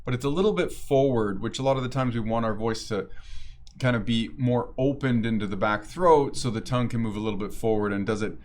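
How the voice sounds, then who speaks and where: A man's voice: mid-range voice, brisk, darkish tone. A man coaching voice technique in a casual lesson, explaining with frequent restarts and self-corrections.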